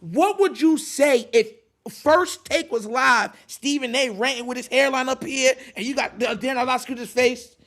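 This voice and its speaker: A man's voice: very high-pitched, a little slow, a bit bright. A man co-hosting a sports podcast, ranting in heated, joking, emphatic bursts. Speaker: podcast co-host. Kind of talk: animated sports debate.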